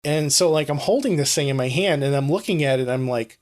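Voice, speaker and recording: A young man co-hosting a podcast, his voice sitting a little high for a man. He tells loose, joking stories and keeps breaking into laughter. It's a relaxed, casual chat. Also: brisk, slight background noise. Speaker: podcast co-host.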